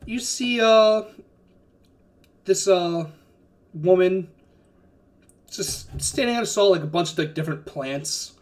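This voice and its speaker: A man's voice: high voice, slow, long pauses. A man running a tabletop game as game master, narrating casually with lots of fillers and swearing. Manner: rambling, filler-heavy, casual cursing.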